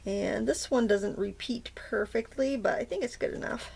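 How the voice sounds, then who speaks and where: A woman with a slightly high voice talks through a stamping demonstration at her desk. Her delivery is chatty and gentle. She gushes warmly whenever a piece turns out cute. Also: moderate pace, vocal fry, slight background noise. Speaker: craft tutorial host. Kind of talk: casual step-by-step demonstration.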